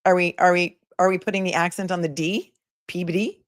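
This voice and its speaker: A woman's voice: fairly low pitch, fairly even intonation, brisk, no room sound, clean studio sound. A woman hosting a live commentary stream, chatting casually, joking and reading viewer comments aloud. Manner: chatty, jokey, reads chat messages aloud.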